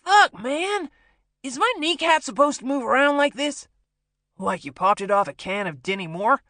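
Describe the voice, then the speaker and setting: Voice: fast talker, darkish tone, no room sound. A narrator voicing a young male thug who yelps in pain and panic. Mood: panicked. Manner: yelping, shrill outbursts.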